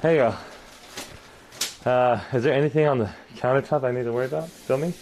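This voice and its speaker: This young streamer's medium-pitched voice is a little fast and darkish in tone, with a bit of hiss or hum. Chatting with his stream as he goes through the kitchen and bathroom of a house, he reads out each new follow and sub.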